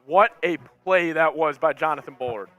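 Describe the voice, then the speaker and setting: A man streaming as a sports fan, calling plays live with hyped yells and rambling reactions. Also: fairly high pitch, moderate pace, dry recording, soft background music. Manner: hyped, yelling, rambling play-by-play.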